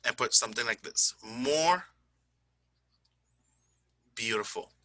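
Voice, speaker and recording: A man's voice: mid-range voice, slow pace, pushed and bright, no room sound, poor audio. A man teaching an English grammar lesson over a screen recording, explaining step by step, often checking in with "okay?" and owning small slips. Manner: self-correcting, says "my bad".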